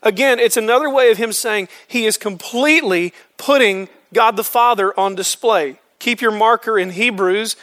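A man's voice: high-pitched, normal speed, few pauses, fairly bright tone. A man leading a men's Bible study, explaining scripture earnestly and using homespun examples.

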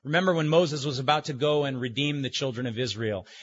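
A man preaching a sermon, slow and emphatic, with deliberate pauses. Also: mid-range voice. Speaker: pastor. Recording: dull lo-fi recording.

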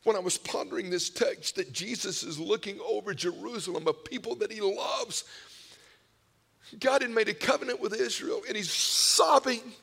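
A man preaching a sermon, telling personal stories with emotional swings from hushed whispers to loud cries. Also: high-pitched, moderate pace, vocal fry, husky. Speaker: pastor. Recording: long hall reverb.

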